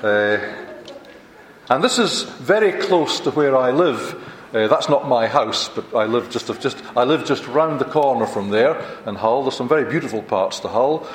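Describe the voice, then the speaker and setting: An older man with a Scottish accent giving a chatty, self-deprecating conference talk, halting and restarting as he goes. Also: mid-range voice, animated, echoey room, slight background noise. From Scotland. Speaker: visiting university lecturer. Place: large lecture hall.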